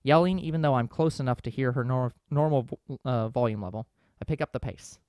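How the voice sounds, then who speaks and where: Fast-reading man narrating a visual novel. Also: mid-range voice, smooth, no echo, highs cut off. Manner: quick, steady storybook reading with small slips. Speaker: let's play host reading the story.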